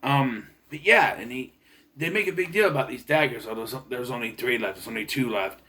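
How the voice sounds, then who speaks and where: A man's voice: medium pitch, fairly quick, sharp tone. A young man giving a casual, rambling movie review, often restarting and correcting himself. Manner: rambling, unsure, lots of restarts and self-corrections. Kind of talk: casual spoken film review.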